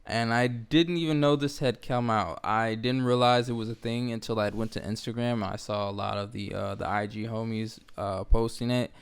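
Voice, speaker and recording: A man's voice: lowish voice, fairly even intonation, normal speed, creaky, hardly any pauses, clean tone. A young man co-hosting a casual chat show, laid-back and laughing easily. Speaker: co-host.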